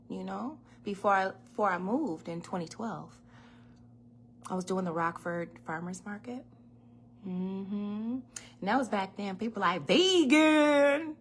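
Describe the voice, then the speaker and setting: Woman host, casual kitchen-livestream chat, slightly gravelly voice, laughs and curses freely. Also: lowish voice, a little hiss or hum. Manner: chatty storyteller, laughs and swears freely. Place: home kitchen. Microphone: phone or webcam in a home kitchen.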